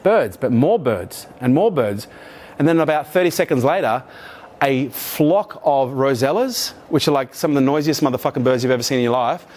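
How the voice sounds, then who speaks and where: A middle-aged Australian man gives a keynote talk to a live audience, telling a story with energy and animation and swearing freely. His voice is mid-range, at a moderate pace.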